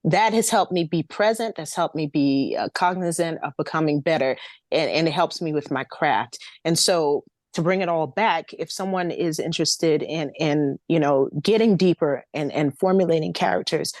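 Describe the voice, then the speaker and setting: Woman, light Southern accent, low voice, dry close sound, articulate, expressive. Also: moderate pace, dry recording. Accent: light Southern American. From American South. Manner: articulate, expressive, laughs often. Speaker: guest, ghostwriter. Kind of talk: casual interview conversation.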